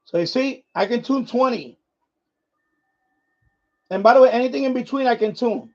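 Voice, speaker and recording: High-voiced man rambling on a dull live stream. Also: normal speed, darkish tone. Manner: rambling, restarts, talks to viewers while handling gear. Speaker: ham radio livestream host. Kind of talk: casual live demonstration.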